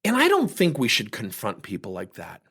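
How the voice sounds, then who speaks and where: Husky-voiced man telling stories animatedly. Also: mid-range voice, normal speed. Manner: candid, animated storyteller. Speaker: podcast host and coach. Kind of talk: personal storytelling monologue.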